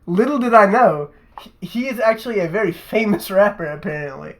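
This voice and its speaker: A man's voice: high-pitched, fairly quick, a crowd in the background, rough recording. A young man, a podcast host, telling a rambling, profane story in casual chat and tacking "right?" onto his sentences.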